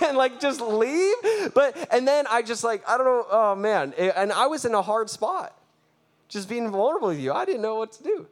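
A man's voice: extremely high pitch, a little fast. A man preaching a sermon, telling a mission story with laughter and acted-out reactions. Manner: animated, laughing, acts out his own reactions.

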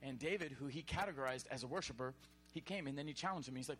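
Casting: energetic preacher, fairly high voice, exhorts and shouts at times. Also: male voice, fast, a little hiss or hum. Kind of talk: sermon.

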